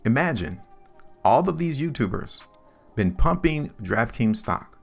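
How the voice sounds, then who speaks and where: Gravelly emphatic stock-chart host. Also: male voice, medium pitch, very animated, a little slow, faint music behind. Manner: emphatic, repetitive, lecturing the viewer. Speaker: stock market video host. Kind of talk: chart analysis commentary.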